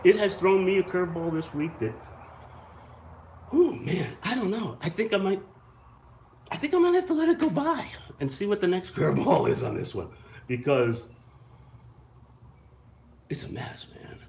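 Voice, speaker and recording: Rambling animated man hosting a live show. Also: high voice, moderate pace, long pauses, echoey room, slight background noise. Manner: rambling, animated storyteller who swears and laughs. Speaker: host of a live online show. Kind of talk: casual live-stream chat, reacting to viewer comments.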